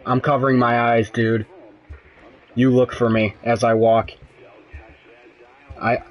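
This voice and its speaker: A man's voice: mid-range voice, level tone, takes it slowly. A young man commenting on a horror game, frightened and swearing as he talks to himself. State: shaking with fear. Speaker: gamer.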